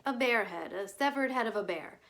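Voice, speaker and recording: A woman's voice: fairly high pitch, animated, a little fast, a bit bright. A woman voicing a glib, cynical male journalist who explains things away in a breezy, lecturing way. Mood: storytelling.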